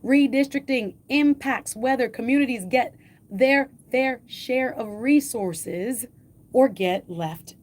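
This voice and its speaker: Emphatic woman host with a Jamaican accent. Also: a little mellow. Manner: emphatic, slows and lifts pitch on key phrases. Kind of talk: reading an editorial aloud with commentary.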